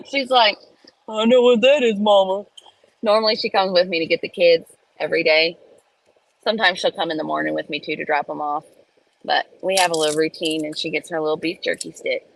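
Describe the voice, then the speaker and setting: A woman's voice: low voice, fairly quick, creaky, fairly bright tone, no room sound, low-quality recording. A woman host on a phone livestream, sitting in her car, ranting bluntly and profanely. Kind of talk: casual livestream rant. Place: in a parked car in a school pickup line.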